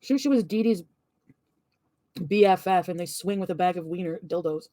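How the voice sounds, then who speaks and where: A woman's voice: fairly low pitch, normal speed, dark tone, dry recording, clean studio sound. A woman vlogger venting and ranting, swearing often and rambling. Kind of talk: ranting vlog.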